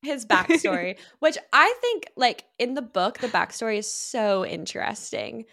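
A woman's voice: on the high side, sing-song, moderate pace, vocal fry, a bit bright. A woman co-hosting a podcast, chatting casually and steering the discussion along. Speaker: podcast co-host. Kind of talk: casual chat.

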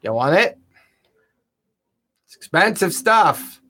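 A man acting as game master, voicing a merchant in a tabletop game with a casual, halting manner. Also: sits high, big pitch swings, bright, forceful tone. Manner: casual, halting, laughs often.

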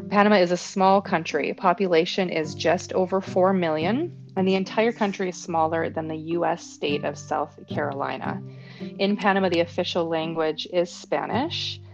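A woman hosting a podcast, chatting and explaining things in a relaxed way, laughing easily. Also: fairly low pitch, vocal fry, dull audio. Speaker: podcast host. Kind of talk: casual podcast chat.

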